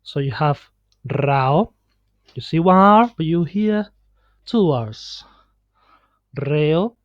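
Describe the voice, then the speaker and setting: Man teaching pronunciation, drawn-out delivery full of fillers; dull lo-fi screencast audio. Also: high-pitched, no room sound. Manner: slow, halting explanation with many fillers and restarts. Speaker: Spanish teacher. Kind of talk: screen-recorded pronunciation lesson. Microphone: computer mic on a screen recording.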